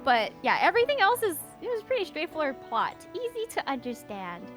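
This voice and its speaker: Bubbly high-voiced young woman. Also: wildly swooping pitch, a little fast, fairly bright tone, soft background music. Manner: bubbly, many fillers, acts out characters' lines. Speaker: podcast co-host. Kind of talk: casual book recap chat.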